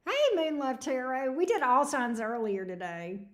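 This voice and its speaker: A woman's voice: high-pitched, very animated, normal speed. Snarky, tired woman streamer. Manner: snarky, laughing, reading chat messages aloud. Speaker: tarot reader hosting a livestream. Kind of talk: casual livestream chat with viewers.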